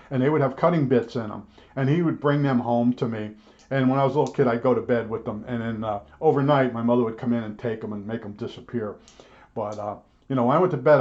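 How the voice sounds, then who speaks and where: A man's voice: medium pitch, darkish tone. Blunt older man ranting on a dull recording. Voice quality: blunt, grumbling, repeats himself with frequent restarts. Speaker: electronics repairman vlogger. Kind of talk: rambling storytelling rant.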